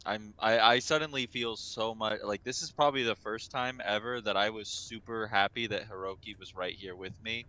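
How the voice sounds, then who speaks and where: Male player, playful and casual, laughs often, bright tone. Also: fairly low pitch, fairly even intonation, normal speed, few pauses, poor audio. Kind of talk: casual tabletop game chat.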